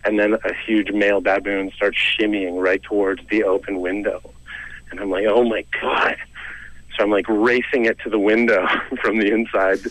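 Low-voiced man telling a rambling story. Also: flat delivery, normal speed, fairly bright tone, rough recording. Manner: rambling, self-deprecating, chuckles often, fillers like "like" and "you know". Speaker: guest comedian and storyteller. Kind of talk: casual anecdotal storytelling.

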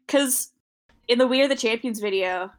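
A woman's voice: a little high, a little slow. A woman in casual podcast chat, joking and imitating sounds.

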